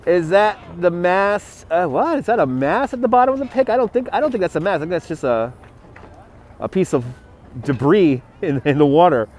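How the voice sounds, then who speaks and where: Here a Brooklyn, New York man streams live from beside a city river, phone on a gimbal, casually reading viewer messages aloud and thanking his donors. His high-pitched voice is very animated and darkish in tone, delivered at normal speed.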